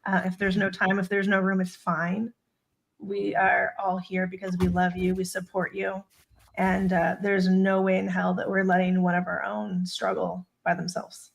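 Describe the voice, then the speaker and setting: A woman's voice: mid-range voice, monotone, normal speed, gravelly. A woman speaking candidly and bluntly in casual livestream chat, supportive of her friends. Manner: candid, blunt, warm-hearted. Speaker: community member.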